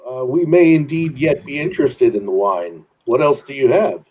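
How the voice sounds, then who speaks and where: A man voicing a confident male adventurer who bargains in a measured, deliberate way. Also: mid-range voice, mellow, natural voice. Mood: bargaining.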